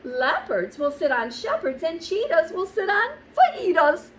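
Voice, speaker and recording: A bossy storybook frog, as a woman reading aloud puts him on, laying down rhyming rules in a loud, slow, emphatic voice. He sits higher than her usual voice and swings it around broadly. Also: sing-song, slight background noise, exaggerated voice.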